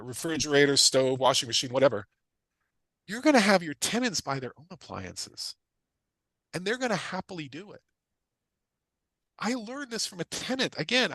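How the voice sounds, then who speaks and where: A middle-aged man, a guest real estate investor, teaches a live online class with a fairly high, pushed, bright voice, recorded dry. His energetic livestream delivery is emphatic and repetitive, hammering points with questions. He tosses in punchy, casual asides and quick tangents.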